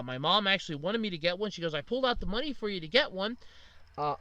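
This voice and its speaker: A man's voice: high voice, bright, forceful tone, no echo. A man in his thirties hosting a casual solo podcast, venting in frustration and blaming himself, with lots of "uh". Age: 30s. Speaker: podcast host.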